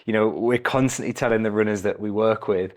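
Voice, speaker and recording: A man's voice: fairly low pitch, fairly even intonation, fairly quick, darkish tone. A man hosting a podcast interview, a running coach talking in a conversational way with small repeats.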